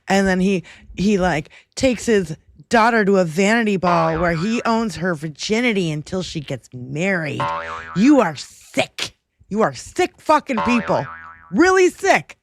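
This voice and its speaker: A woman's voice: medium pitch, no room sound. A woman co-hosting a casual political livestream, swearing heavily as she rants and often breaking into laughter. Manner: profane, ranting, laughs often. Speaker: livestream co-host.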